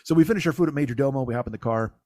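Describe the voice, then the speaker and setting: Fast-talking profane male comedian. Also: mid-range voice, no echo, studio quality. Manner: profane, animated, acts out quoted dialogue. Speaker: comedy podcast host. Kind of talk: casual storytelling chat.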